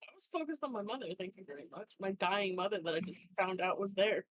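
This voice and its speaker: A woman's voice: mid-range voice, animated, fast talker, slight background noise. A woman playing a tabletop game, joking and self-deprecating in casual banter. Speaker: player.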